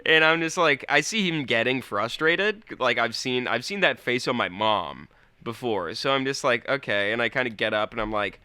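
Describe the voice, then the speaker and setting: A man's voice: mid-range voice, animated, normal speed, sharp tone, clean tone, no room sound. A young man co-hosting a podcast, telling a rambling story in casual chat and swearing freely. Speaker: podcast co-host.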